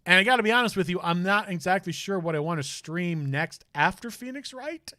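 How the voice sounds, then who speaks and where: A man's voice: sits high, expressive, brisk, pushed and bright, dry recording, clean studio sound. A man streaming a game, chatting casually and rambling with jokey asides. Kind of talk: casual let's-play commentary.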